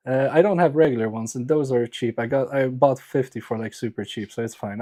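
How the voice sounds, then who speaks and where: A man's voice: mid-range voice, fairly quick, few pauses, mellow. A man hosting a live electronics repair stream, joking and muttering to himself as he works. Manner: joking, self-mocking, muttering while working on the repair. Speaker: livestream electronics repair host. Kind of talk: casual live-stream chat while working.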